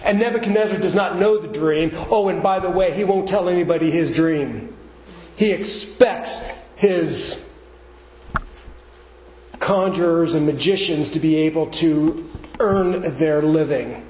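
A man's voice: on the high side, unhurried. A man preaching a teaching sermon, explaining step by step and rising to emphatic questions. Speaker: pastor. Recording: roomy, dull church recording.

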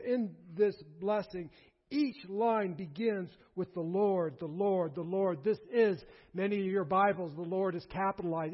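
A man's voice: sits high, dull audio. A man preaching a sermon, emphatic and repeating key phrases with rising force. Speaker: pastor.

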